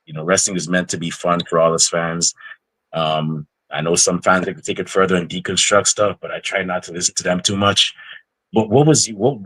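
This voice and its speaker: A man's voice: low voice, fairly bright tone, poor audio. A man hosting a podcast interview, chatting casually and rambling with repeated words and "you know" fillers. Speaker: podcast host.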